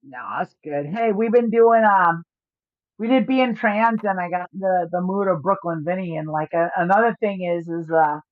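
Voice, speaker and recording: A woman's voice: on the low side, moderate pace, no room sound. A woman streaming poker online, explaining her hands in a joking and profane way. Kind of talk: livestream commentary. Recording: dry, slightly dull lo-fi audio.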